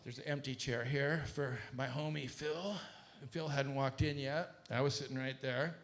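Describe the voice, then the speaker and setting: A middle-aged man from Southern California telling a business story to an audience, acting out the quoted voices with a rising pitch. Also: moderate pace. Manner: animated, acts out quoted dialogue with rising pitch. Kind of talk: casual storytelling talk to an audience.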